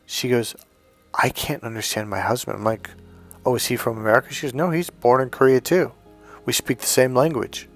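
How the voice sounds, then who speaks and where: A man's voice: mid-range voice, fairly even intonation, fairly quick, faint music behind. A middle-aged man coaching on dating, telling stories bluntly, swearing freely and acting out both sides of conversations. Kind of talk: storytelling to camera.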